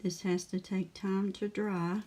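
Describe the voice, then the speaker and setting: A woman's voice: medium pitch, flat delivery, a little slow, warm tone. An older woman hosting a scrapbooking channel, chatting casually and greeting viewers by name while she works on a page. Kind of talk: casual crafting livestream chat.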